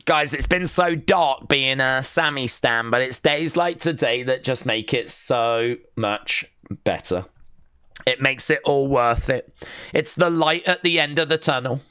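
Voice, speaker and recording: A man hosting a live wrestling watch-along stream, reading out chat messages and reacting with excitable bursts of cheering. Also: medium pitch, unhurried, smooth, dry recording, clean studio sound.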